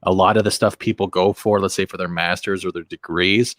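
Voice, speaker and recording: A man's voice: low-pitched, fairly even intonation, a little fast, no echo, studio quality. A man co-hosting a live stream, joking bluntly and teasing the others. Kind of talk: casual live-stream banter.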